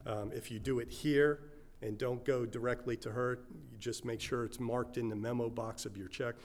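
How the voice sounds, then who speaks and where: A man's voice: mid-range voice, fairly even intonation, moderate pace. Earnest man making church announcement. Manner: earnest, with filler ums. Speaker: missions speaker.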